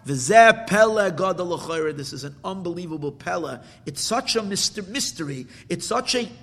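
A man teaching a Torah class, mixing Hebrew and Yiddish terms into English and swinging from quiet to loud. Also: sits high, big-room sound.

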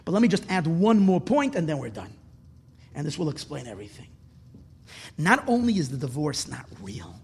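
A man giving an impassioned sermon as a religious teacher, repeating words for emphasis and swelling toward shouts. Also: a little high, creaky, breathy edge. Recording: long reverb in a hall.

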